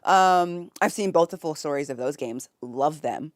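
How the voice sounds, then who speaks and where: A woman's voice: low voice, a little slow, dry recording, studio quality. A young American woman streaming from bed, chatting casually with viewers, reading chat aloud and laughing often. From United States. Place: home, in bed.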